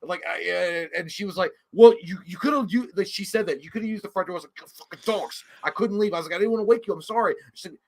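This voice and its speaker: A man co-hosting a podcast, telling a rowdy story in a profane, animated way and acting out what people said. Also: high-pitched, quick pace, creaky, few pauses. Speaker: podcast co-host. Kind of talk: casual storytelling chat.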